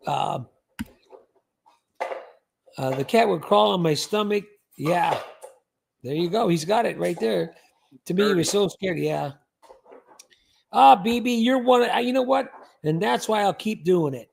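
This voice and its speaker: Gravelly older man hosting a livestream. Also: sits high, expressive, unhurried, pauses often, a little hiss or hum. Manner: rambling, chatty, full of fillers. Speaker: host. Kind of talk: casual livestream chat.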